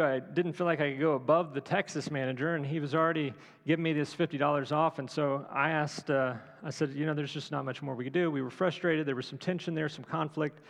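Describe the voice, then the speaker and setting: A man's voice: a little high, creaky. A middle-aged man preaching a sermon as a conversational, humorous story, often checking in with the audience. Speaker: pastor. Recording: long hall reverb.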